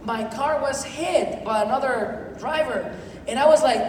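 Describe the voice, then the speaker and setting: A man with a high voice delivers an energetic seminar talk in halting non-native English. His words ring through a long reverberant hall, picked up from a distance with a steady background noise. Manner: energetic, repetitive, peppered with "you know". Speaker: speaker at a sales event. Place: event hall with audience. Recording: echoey hall from far off, noisy.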